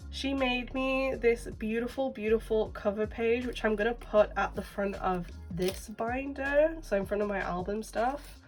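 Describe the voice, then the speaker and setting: A woman with a head cold, her voice nasal and deeper than usual, chatting casually through a collecting vlog. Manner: chatty, rambling, lots of "like". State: has a cold, blocked nose. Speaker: collecting vlogger. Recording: distant mic with faint background music.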